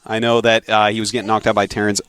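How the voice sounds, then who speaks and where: A man's voice: lowish voice, completely flat delivery, quick pace, a bit bright, clean tone. A man casting a live video game match, talking casually and joking while he analyzes the play. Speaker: esports caster.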